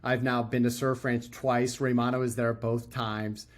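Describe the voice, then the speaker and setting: A man telling a story as a podcast guest, loose and animated, full of fillers and restarts, acting out the people he quotes. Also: mid-range voice, a little slow. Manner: animated, acts out quoted voices. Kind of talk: casual storytelling.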